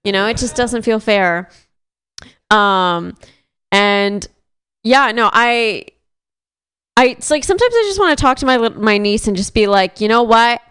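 Smooth-voiced young woman doing stand-up. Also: medium pitch, measured pace, long pauses. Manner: deadpan, rambling, self-deprecating. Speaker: stand-up comedian. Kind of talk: stand-up set. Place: comedy club stage. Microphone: stage mic.

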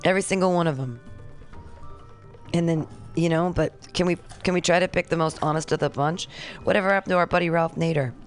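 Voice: medium pitch, fairly quick, faint music behind. A radio host doing a sarcastic, rambling political monologue with jokey asides and reading a document aloud in a studio.

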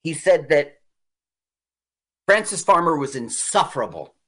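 A man's voice: a little high, unhurried. A man co-hosting a casual talk show, retelling an old film's backstory and acting out the people in it. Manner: animated, acts out quotes in shifting voices. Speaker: podcast co-host. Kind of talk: casual chat recapping an old film.

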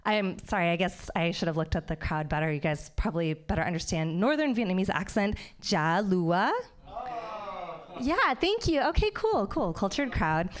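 A woman doing a stand-up set on a comedy club stage, wry, with animated mock outrage. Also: on the low side, a little fast, hardly any pauses.

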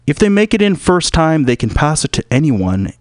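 Rambling comedic radio host, smooth voice. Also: male voice, fairly high pitch, sing-song, moderate pace, no echo, studio quality. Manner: rambling, jumps into loud shouted impressions; filler-heavy, loose and joking. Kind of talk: rambling comic monologue.

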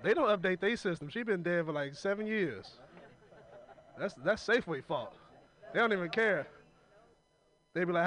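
A man tells stand-up bits at an open mic in an easygoing, colloquial way. His voice sits a little high for a man. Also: fairly quick, long pauses, a bit bright. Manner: laid-back, colloquial storytelling. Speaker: stand-up comedian.

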